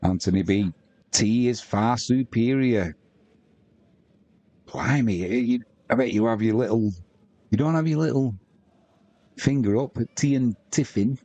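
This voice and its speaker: Bloke hosting a live watch-along from home, warm relaxed voice, chatting and reading out comments. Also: male voice, mid-range voice, normal speed, no echo, dull audio. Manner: chatty and bantering, reads viewer comments aloud. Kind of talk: casual live-stream commentary and chat reading.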